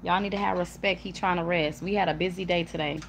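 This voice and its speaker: A woman's voice: lowish voice, steady tone, fast talker, creaky, crowd noise. Chatty woman on a home livestream. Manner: chatty, emphatic, repetitive, warm toward viewers; hushes children mid-talk. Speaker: livestream host. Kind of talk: casual live chat to viewers. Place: home room with kids nearby.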